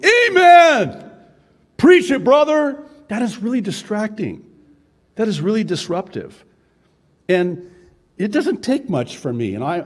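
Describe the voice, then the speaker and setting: Male pastor, animated sermon, joking asides, slightly high voice. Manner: animated, joking asides, shouts mimicked quotes.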